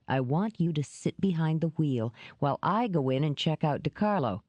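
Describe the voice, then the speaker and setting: A woman reading an audiobook, voicing a gruff, wary man who talks in curt, dry lines. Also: on the high side, animated, moderate pace, a little mellow, no echo, dull audio.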